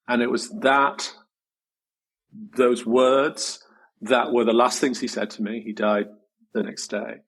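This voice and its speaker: Husky man telling a personal story. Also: mid-range voice, flat delivery, a bit bright, rough recording. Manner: reflective, slow and earnest, swears casually. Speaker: guest, designer. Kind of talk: candid personal storytelling in interview.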